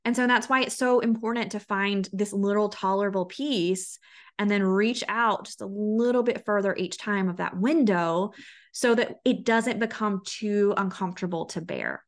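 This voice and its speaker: A woman's voice: mid-range voice, normal speed. A woman hosting a solo podcast as a health coach, talking in an earnest, conversational way with frequent restarts.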